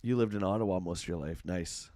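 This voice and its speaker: A man's voice: sits low, fast, warm tone, no echo. Middle-aged Canadian male streamer, Ontario accent, chatty, dry close mic. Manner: chatty, reads chat aloud, reacts to gameplay. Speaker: game streamer. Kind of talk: casual live-stream chat.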